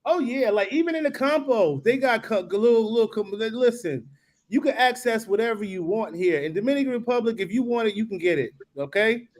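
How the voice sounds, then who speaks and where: High-voiced man in rambling casual chat. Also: expressive, brisk. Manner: rambling, restarts, asks "you know what I mean?". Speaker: guest building in the Caribbean. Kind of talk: casual live-stream chat.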